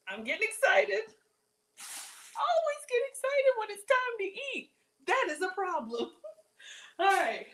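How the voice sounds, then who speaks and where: A woman hosting a casual live cooking show from her home kitchen, her voice sitting at an ordinary middle pitch. She chats warmly to her viewers and calls them y'all as she cooks. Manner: chatty, upbeat, addresses viewers as y'all. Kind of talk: live-stream cooking demo, casual chat.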